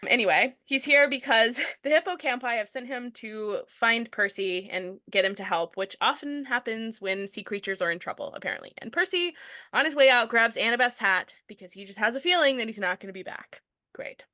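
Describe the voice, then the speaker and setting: A woman talks through the chapters in an animated, chatty way and often breaks into laughs. Her voice is bright, a little high, and sits close and dry on the mic. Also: no echo. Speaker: podcast co-host. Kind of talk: casual book-discussion chat.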